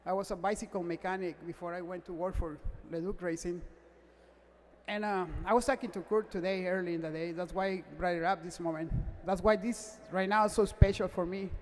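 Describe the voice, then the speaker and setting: A man, a race car mechanic, gives a halting, emotional acceptance speech at an awards gala, close to tears and often repeating himself in non-native English. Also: sits high, fairly even intonation. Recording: echoey hall reverb.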